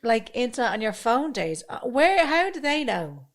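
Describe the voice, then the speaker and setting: An Irish woman in her thirties, co-hosting a podcast in casual chat and telling animated, sweary stories. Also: fairly high pitch, moderate pace. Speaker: podcast co-host.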